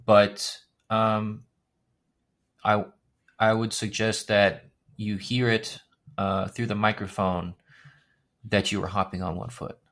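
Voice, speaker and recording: Brief: male designer guest, hesitant and halting, lowish voice. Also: flat delivery, a bit bright. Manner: hesitant, halting, full of ums. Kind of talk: casual interview.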